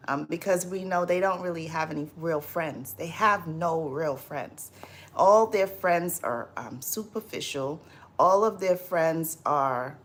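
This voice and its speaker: A woman talks to her livestream viewers in a relaxed, chatty way, reading their comments aloud. Her voice sits somewhat low. She speaks slowly, often pausing on "um" and repeating her phrases. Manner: chatty and unhurried, trailing off with ums and repeats. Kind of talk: casual livestream chat.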